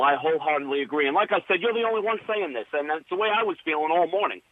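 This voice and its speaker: A man's voice: on the high side, lively intonation, racing, crowd noise. A man calling in to a radio show who eagerly agrees with the host. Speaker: caller. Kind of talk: phone-in call. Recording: phone line.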